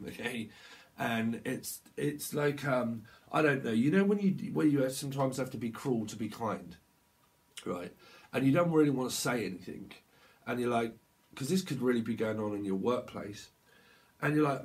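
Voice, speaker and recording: A British man with a mid-range voice and an unhurried pace gives a loose, rambling channeled tarot reading to camera. He laughs often and acts out little quoted voices.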